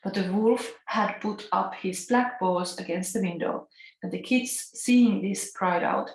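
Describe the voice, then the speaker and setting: A woman's voice: mid-range voice, normal speed. A chatty woman from Finland whose Finnish accent carries an Italian lilt. She muses her way through a casual tarot reading. Her mid-range voice rings with echo from the room. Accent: Finnish with Italian tinge. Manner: musing, chatty, laughs often. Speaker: tarot reader. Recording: echoey room.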